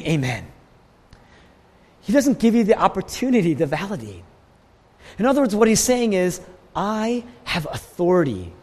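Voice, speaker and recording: A man preaching a sermon as a pastor, speaking emphatically, with his voice swelling and then dropping to a hush. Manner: emphatic, rising and falling in pitch and loudness, sometimes dropping to a hush. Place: church sanctuary. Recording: long hall reverb.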